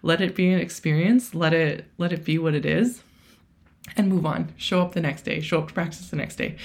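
This thirties-aged podcast host talks in a lowish, darkish voice through a relaxed solo monologue. Her chat is heavy with fillers, and she performs her own past remarks as quotes.

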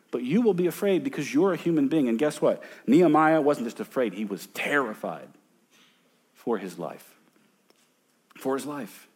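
Man preaching with lively swings. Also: a little high. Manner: animated preaching, swings from loud emphasis to hushed storytelling. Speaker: pastor. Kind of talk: sermon. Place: church sanctuary.

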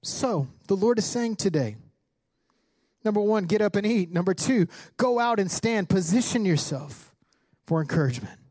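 A male pastor preaching a sermon with passion, climbing toward shouts as he quotes scripture. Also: sits high, expressive, moderate pace, no room sound. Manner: impassioned preaching, rising to near-shouts when quoting scripture.

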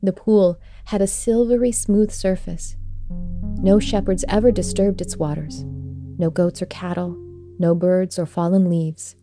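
A woman host narrating an old myth in a gentle, measured storytelling style. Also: fairly low pitch, fairly even intonation, faint music behind.

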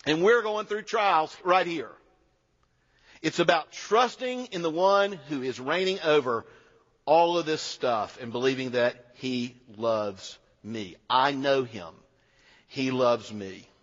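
A man's voice: mid-range voice, takes it slowly, fairly bright tone. A middle-aged man preaching a sermon, emphatic, repeating key phrases, with dry humor. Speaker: pastor. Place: church sanctuary. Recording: dull sound with long church reverb.

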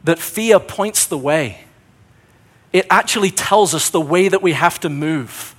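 Slightly high-voiced man preaching earnestly. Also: unhurried, fairly bright tone. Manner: earnest preaching with repeated building phrases. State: straining voice. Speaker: pastor. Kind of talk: sermon.

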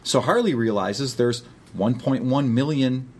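A man's voice: medium pitch, measured pace, breathy edge. A man chatting casually as a podcast host, telling stories with lots of energy and swearing freely. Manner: animated storyteller, swears freely. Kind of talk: casual chat.

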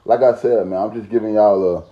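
A man's voice: fairly low pitch, fairly even intonation, moderate pace, dull audio. A man, talking in a profane, rambling, emphatic casual monologue. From Southern United States.

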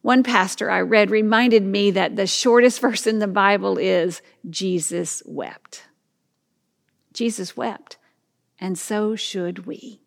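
Gravelly-voiced woman preaching a sermon. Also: mid-range voice, steady tone, measured pace, in a large hall. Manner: earnest, reflective preaching with soft, dropping line ends. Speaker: pastor.

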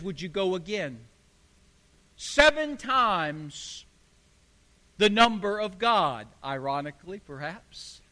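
A male pastor with a high, ringing voice preaches with emphasis, stacking repeated phrases. His sermon carries a long reverb from a large hall. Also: bright, forceful tone.

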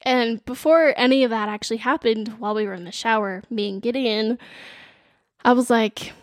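A young woman co-hosting a podcast, telling a story in casual chat with a lively, filler-heavy manner. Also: fairly high pitch, normal speed, dry recording, clean studio sound. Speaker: podcast co-host.

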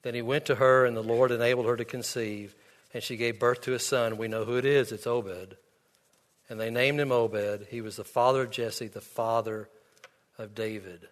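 In a church sanctuary, a pastor gives an earnest, story-driven sermon, quoting dialogue as he goes. His mid-range voice holds a steady tone at a moderate pace, and a long hall reverb fills the recording.

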